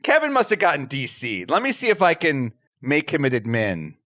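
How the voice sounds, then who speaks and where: A man's voice: fairly high pitch, moderate pace. A man co-hosting a comedy podcast, talking in casual, jokey banter. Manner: animated, jokey, puts on silly voices. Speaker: podcast co-host. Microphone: remote call from a virtual room.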